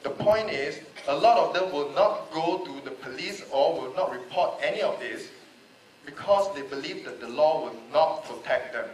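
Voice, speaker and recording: A man's voice: on the high side, expressive, moderate pace. Impassioned man speaking in an echoey hall. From Malaysia. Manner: emotional, pleading, repeats rhetorical questions. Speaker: panel speaker. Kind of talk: impassioned public debate speech. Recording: echoey hall, voice a bit far off.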